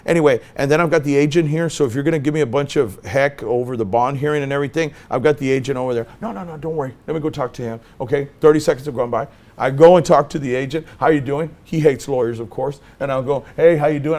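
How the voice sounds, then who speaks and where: A middle-aged man teaching a class as a lawyer, telling stories and acting out both sides of the conversations in an animated way. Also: medium pitch. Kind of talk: lecture with acted-out anecdotes.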